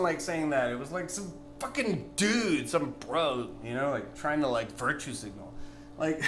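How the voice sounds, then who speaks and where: A tipsy man delivering a rambling, profane vlog rant that bursts into yelling. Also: fairly high pitch, expressive, takes it slowly, soft background music. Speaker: vlogger. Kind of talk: ranting vlog monologue.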